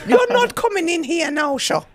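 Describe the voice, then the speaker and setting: A woman's voice: extremely high pitch, very animated, moderate pace, a crowd in the background, voice pushed up. A woman voicing a scolding Irish landlady who has waited up for a late lodger. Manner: nagging, mock-outraged.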